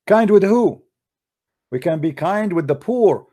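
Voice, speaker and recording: A man's voice: high-pitched, expressive, measured pace, warm tone. Combative man with an Arabic accent. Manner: combative, scolding, non-native grammar. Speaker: host. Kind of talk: polemical commentary.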